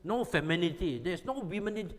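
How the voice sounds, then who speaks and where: A pastor preaches in emphatic, repetitive bursts, constantly checking that his listeners follow. His voice sits fairly high for a man. The long reverb of a big hall trails after every phrase. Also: animated, a little fast. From Malaysia. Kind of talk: sermon to youth.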